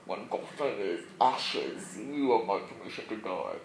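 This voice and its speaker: A menacing masked villain with a deep, muffled voice that drags each word out slowly, as a man imitates him. The line comes through an echoey room and sounds far off from the mic. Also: sing-song, a little hiss or hum.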